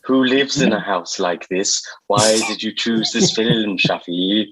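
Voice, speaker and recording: A man putting on the slow, drawn-out voice of a male TV presenter, asking about a house as a joke impression. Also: lowish voice, crowd noise, close to an everyday voice, low-quality recording. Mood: teasing.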